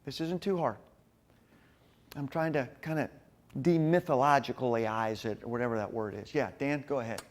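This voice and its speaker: A man leading a men's church group, telling a lively story and acting out scenes. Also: mid-range voice, normal speed. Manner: storytelling, energetic, acts out scenes. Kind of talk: animated church talk.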